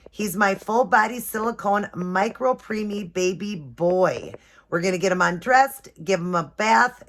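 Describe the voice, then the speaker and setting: A woman vlogging casually at home, chatty and doting as she shows off a doll. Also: on the low side. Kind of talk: casual show-and-tell vlog. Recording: steady background noise.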